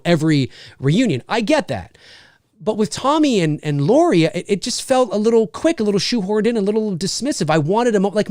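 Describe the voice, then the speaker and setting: A man's voice: a little high, darkish tone, no room sound, clean studio sound. A man giving an unscripted spoken film review, thinking aloud and often restarting his sentences as he works out his opinion.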